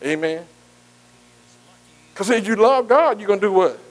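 A man's voice: high-pitched, lively intonation, unhurried, low-quality recording. A man preaching a sermon as pastor, in a call-and-response style that keeps quizzing the congregation and asking "amen". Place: church.

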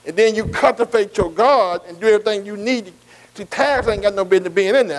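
A man's voice: high-pitched, fast, rough recording. A man preaching a call-and-response sermon, asking "am I right?" again and again. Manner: repeats "am I right?" to the congregation.

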